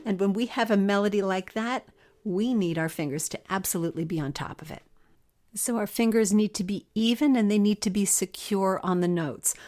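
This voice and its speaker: A woman's voice: medium pitch, moderate pace, darkish tone. A middle-aged woman from the Philadelphia area, teaching harp in a friendly, explanatory way. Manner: friendly explanatory, sings rhythms. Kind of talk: podcast music lesson.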